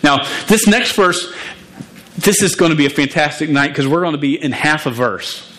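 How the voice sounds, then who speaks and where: A man's voice: a little high, normal speed, a bit bright. A man preaching to a youth group as their youth pastor, earnest and emotional, often restarting and stumbling over his words.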